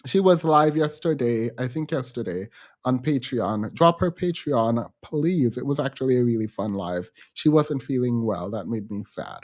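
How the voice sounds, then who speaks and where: A man hosting a livestream, commenting with animated, incredulous rhetorical questions and repetition. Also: on the high side. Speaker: podcast host.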